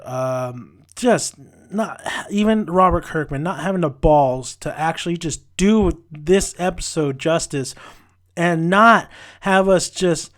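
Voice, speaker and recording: Man, fairly high voice, ranting, frustrated, casual review, lots of restarts. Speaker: TV show reviewer.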